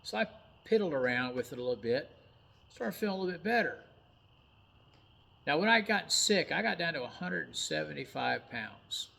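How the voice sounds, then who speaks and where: Gravelly-voiced man telling a blunt story. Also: a little high, sing-song, moderate pace, pauses often, bright, forceful tone. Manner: blunt, folksy, mild cursing. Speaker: truck driver. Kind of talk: casual personal storytelling.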